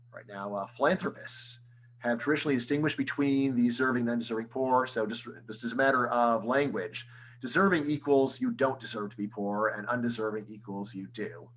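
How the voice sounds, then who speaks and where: A man, an economics professor, giving an online lecture in a conversational style, full of rhetorical questions and quick restarts. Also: mid-range voice, fairly bright tone, a little hiss or hum, low-quality recording. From United States.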